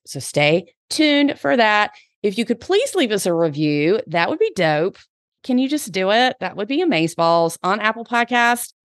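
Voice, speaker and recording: A woman's voice: medium pitch, no room sound. A Southern woman in her forties hosts her own podcast, chatty and upbeat with plenty of slang. Her voice sits in a middle register and is recorded dry and close, with no room sound. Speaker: podcast host. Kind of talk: solo podcast chat.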